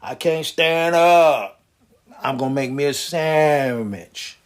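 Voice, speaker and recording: A man voicing a lazy, worn-out male slacker who drawls in a sluggish, defeated way, with a husky voice. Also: a little high, slow pace, pitched below the performer's own voice.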